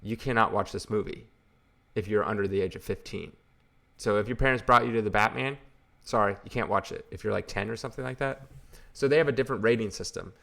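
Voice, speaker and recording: A man's voice: fairly low pitch, fast, vocal fry, fairly bright tone. A man hosting a comic book channel, ranting in casual, exasperated and sarcastic commentary.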